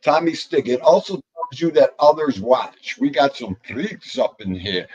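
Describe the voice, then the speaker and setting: A man hosting a casual livestream, chatting loosely and greeting viewers by name with an animated, jokey manner. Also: medium pitch, moderate pace, few pauses, husky, low-quality recording. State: out of breath. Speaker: livestream host.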